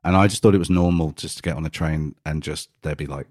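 A man, co-hosting a podcast and telling an animated story, acting out the voices in it. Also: extremely low pitch, fast, husky, dry recording, clean studio sound. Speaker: podcast co-host. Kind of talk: casual chat, storytelling.

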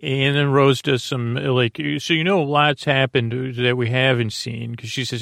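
A man's voice: mid-range voice, fairly even intonation, normal speed, creaky, hardly any pauses, fairly bright tone, no room sound, clean studio sound. A man hosting a podcast, recapping an episode in a casual, rambling way with many fillers and self-corrections. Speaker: podcast host.

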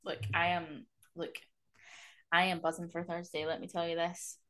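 A woman's voice: lowish voice, level tone, normal speed, pushed and bright. Giggly, enthusiastic woman co-host. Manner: enthusiastic, laughs often. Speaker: podcast co-host. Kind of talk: casual chat.

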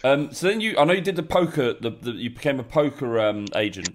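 Bloke hosting a chatty podcast, easy questions, mid pitched. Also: male voice, fast talker. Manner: short prompting questions, relaxed. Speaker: podcast host. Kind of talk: casual interview chat.

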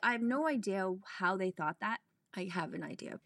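A woman actress telling stories as a podcast guest, animated and laughing, acting out the voices of people she quotes. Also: mid-range voice, moderate pace, no echo. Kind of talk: casual storytelling interview.

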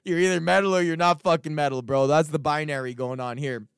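A young man hosting his own podcast, ranting in a casual, profane, animated way and acting out the people in his stories. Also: a little high, fairly quick, gravelly, clean tone, dry recording, studio quality. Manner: profane, animated storytelling with acted-out quotes. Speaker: podcast host.

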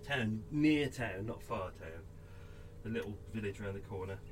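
A man's voice: lowish voice, expressive, normal speed, slight background noise. A middle-aged man hosting a podcast at home, tired and chatting in a rambling, self-correcting way. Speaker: podcast host. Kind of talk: casual chat. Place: at home indoors.

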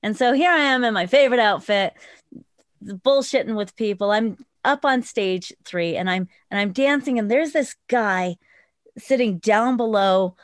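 Podcast guest: a woman with a high voice who tells animated stories and swears freely. Dry, close sound. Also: measured pace, dry recording. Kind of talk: casual podcast storytelling.

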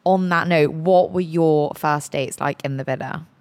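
Young woman host, lower voice, frank storyteller, casual chat. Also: measured pace, clear, resonant tone. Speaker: podcast host. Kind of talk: casual chat, telling dating stories.

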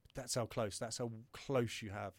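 A man's voice: mid-range voice, steady tone, moderate pace, dry recording. A British man in his thirties, a startup founder telling a hard personal story in an interview, emotional, with frequent restarts and swearing. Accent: British English.

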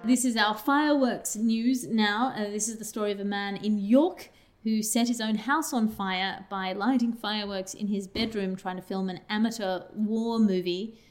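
A woman's voice: mid-range voice, moderate pace, faint music behind. A woman hosting a comedy podcast, setting up stories with dry, wry remarks. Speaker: host.

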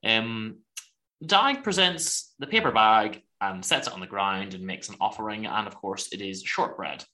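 Bright-voiced man recapping with laughs. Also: fairly low pitch, lively intonation, moderate pace. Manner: laughs often while retelling scenes. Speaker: podcast co-host. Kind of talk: casual chat recapping a TV episode.

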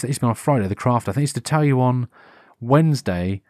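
British man, solo podcast monologue, rambling and self-correcting, mid-pitched voice, dry sound. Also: fairly quick, a little mellow, no echo. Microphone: headphones with a wired mic.

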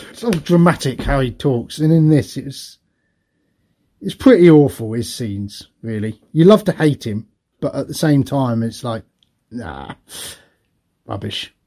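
A man's voice: mid-range voice, animated, normal speed, dark tone. A middle-aged man co-hosting a podcast, chatting about films in a rambling, anecdotal way and laughing often. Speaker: podcast co-host. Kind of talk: casual film chat.

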